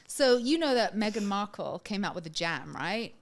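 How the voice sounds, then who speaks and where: A woman hosting a podcast in casual chat, chatty and quick to laugh at her own stories. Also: medium pitch, sing-song. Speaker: podcast host.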